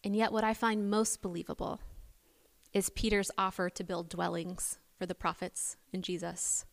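A woman preacher giving a sermon, telling the story in an animated, playful way. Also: mid-range voice, moderate pace, creaky. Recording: long hall reverb.

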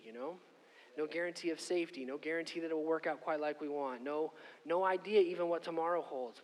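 A middle-aged man preaching a sermon and telling a personal story, conversational and animated, often asking "okay?". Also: on the high side. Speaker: pastor. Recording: long hall reverb.

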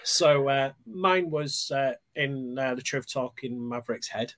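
A man's voice: medium pitch, a little slow, fairly bright tone. Hesitant man reading listener mail. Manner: hesitant, lots of ums, reads listener messages aloud. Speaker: podcast co-host. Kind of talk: casual chat, reading listener messages.

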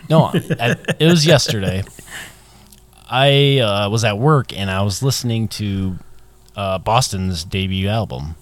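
A man's voice: fairly low pitch, unhurried, dry recording. A man co-hosting a podcast in casual chat, teasing his partner and laughing often. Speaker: podcast co-host.

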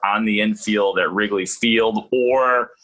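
Bright, husky-voiced sports reporter. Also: male voice, fairly low pitch, slow pace, poor audio. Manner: animated storyteller, acts out quotes. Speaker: sideline reporter and radio guest. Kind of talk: casual chat, storytelling.

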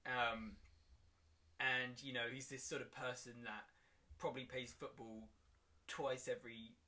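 A man's voice: mid-range voice, little pitch movement, measured pace, pushed and bright. A man co-hosting a comedy podcast, rambling in an easygoing way. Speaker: podcast co-host. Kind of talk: casual comedy podcast chat.

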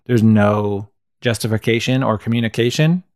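A man's voice: fairly low pitch, moderate pace, darkish tone, no echo, studio quality. A man co-hosting a podcast, talking about films in an easygoing, wry and agreeable way. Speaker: podcast co-host. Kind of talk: casual film-discussion chat.

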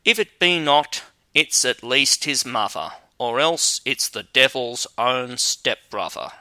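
A man's voice: medium pitch, lively intonation, slow pace, sharp tone, smooth, no echo, full character voice. A man voicing a superstitious, fearful companion in a storybook tale, speaking in rhyme. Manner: rhyming, superstitious.

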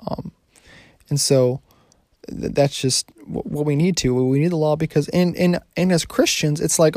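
Man preaching casually, dark gravelly voice, dry close sound, loose phrasing with frequent restarts. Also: a little high, lively intonation, moderate pace, no room sound. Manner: conversational, frequent restarts and self-corrections. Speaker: Bible teacher. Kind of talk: casual sermon.

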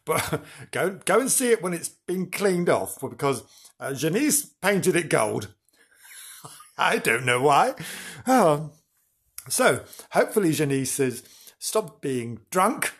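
Giggly husky podcast host man. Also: fairly high pitch, big pitch swings, takes it slowly, pauses often, a bit bright. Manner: giggly, gushing, theatrical. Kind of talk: casual comic podcast chat.

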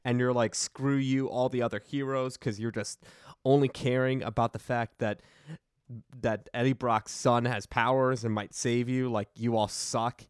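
Earnest man podcaster, average pitch, talks with emphasis. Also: flat delivery, a little slow, smooth, no echo, clean studio sound. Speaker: podcast co-host. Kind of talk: casual chat.

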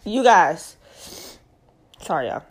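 A woman's voice: fairly low pitch, big pitch swings, slow, breathy edge. A young woman with a stuffy nose from allergies hosts her own show in a casual monologue, making emphatic points, repeating them, and asking the audience directly. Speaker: show host.

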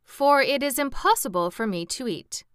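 A woman voicing an earnest, slow-witted male pumpkin-headed wooden man in a storybook reading. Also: sits high, lively intonation, fairly bright tone, smooth, dry recording, studio quality, pitched above the performer's own voice.

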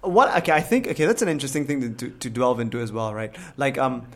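A man with a Singaporean accent talks casually and candidly, stumbling over restarts and swearing as he goes. He sounds animated and unguarded, like a co-host telling stories from his younger days. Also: medium pitch, quick pace. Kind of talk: casual chat.

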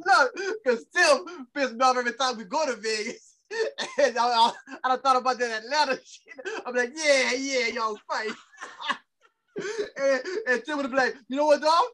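A man co-hosting a podcast in casual chat, telling a story excitedly, shouting and laughing. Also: extremely high pitch, unhurried, pauses often. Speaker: podcast co-host.

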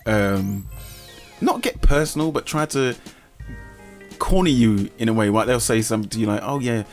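A man's voice: on the low side, moderate pace, faint music behind. A man co-hosting a comedy podcast, teasing and spinning out hypothetical scenes in casual chat. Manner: teasing, spins out hypothetical scenarios. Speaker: podcast co-host.

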